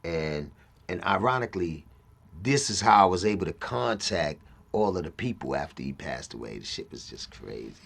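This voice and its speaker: Animated man telling a story. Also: low voice, normal speed, creaky. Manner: animated, profane, acts out other people's lines. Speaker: interview guest. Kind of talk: casual storytelling.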